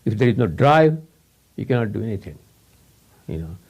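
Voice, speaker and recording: A man with a low, gravelly voice gives an informal spiritual talk to students. He speaks in English, his second language. He rambles, repeats words and chuckles between thoughts. The tone is mellow and a little husky. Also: big pitch swings, moderate pace. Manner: rambling, repetitive, chuckles often. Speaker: spiritual teacher.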